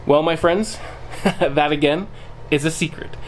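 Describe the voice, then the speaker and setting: Recorded with a camera mic in his home theater room, this channel host chats casually to his viewers as "guys" and hints at what's coming. His voice is on the high side and measured in pace, with a little hiss or hum in the background.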